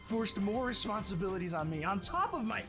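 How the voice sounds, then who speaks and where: A woman's voice: mid-range voice, big pitch swings, brisk. A woman voicing a drunk, resentful young man in a video game, slurring his words and lashing out bitterly. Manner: bitter, accusing. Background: game music.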